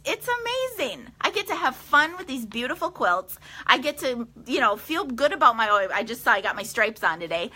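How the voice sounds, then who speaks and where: Bright-voiced, upbeat woman hosting a live stream. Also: on the high side, big pitch swings, brisk, few pauses. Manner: chatty, upbeat and enthusiastic. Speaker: quilting studio owner and live stream host. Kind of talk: casual live stream chat. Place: her quilting studio.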